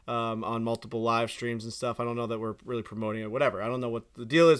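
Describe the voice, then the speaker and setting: A young man co-hosting a podcast, telling stories in an animated, profane way that gets loud when he is worked up. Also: medium pitch, fast, hardly any pauses, clean tone. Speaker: podcast co-host. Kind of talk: casual podcast chat.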